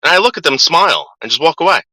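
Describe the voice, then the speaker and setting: A man's voice: a little high, very animated, very fast, pushed and bright, no echo, low-quality recording. A middle-aged man ranting casually to his viewers, swearing a lot and stumbling over repeated words. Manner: profane, stammering repeats. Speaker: vlogger. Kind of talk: casual rant.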